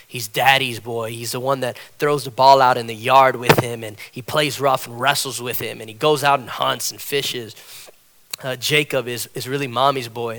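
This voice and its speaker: A man preaching a sermon from a church platform, animated and repetitive, acting out the people he quotes. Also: medium pitch. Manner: animated, repeats phrases, acts out quotes. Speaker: pastor.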